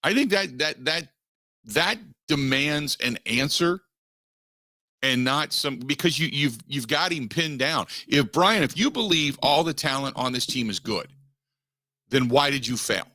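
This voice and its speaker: A sports radio host, a man, talks through a studio monologue with a bright, forceful voice. The sound is dry and close, with no room around it. He stays animated, slipping into mocking quoted asides. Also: mid-range voice, a little slow, no room sound. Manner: animated, mock-quoting others in asides.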